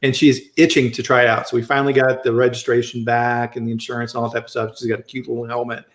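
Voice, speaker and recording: A man's voice: medium pitch, level tone, quick pace, reverberant. A man hosting a casual live-stream chat on a video call, friendly and chatty, often restarting his sentences. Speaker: host.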